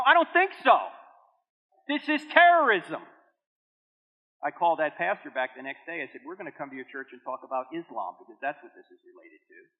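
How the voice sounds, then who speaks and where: Lively high-voiced guy in his 50s, church seminar, echoey hall, sounds like a phone line. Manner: animated storytelling with jokes and acted dialogue. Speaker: Christian apologetics speaker.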